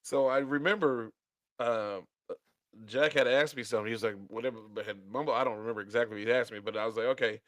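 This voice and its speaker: A man's voice: medium pitch, steady tone, fast talker, fairly bright tone, no room sound. A man co-hosting a podcast, telling a story in a casual chat, laughing often and acting out the voices of the people in it. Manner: laughing storyteller, acts out dialogue. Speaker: podcast co-host.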